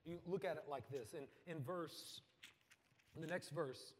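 A man preaching a sermon, swinging from loud bursts to hushed lines. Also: fairly high pitch, measured pace, in a large hall, a little hiss or hum. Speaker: pastor.

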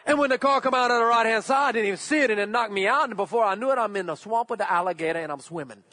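A man's voice: sits high, rapid-fire, sharp tone, dry recording. A man voicing a young male offshore worker who tells a rambling tall tale. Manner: rambling run-on storytelling.

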